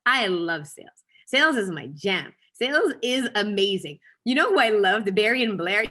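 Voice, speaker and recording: Energetic woman business coach. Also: a little high. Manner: energetic, emphatic, repeats key phrases. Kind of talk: motivational talk.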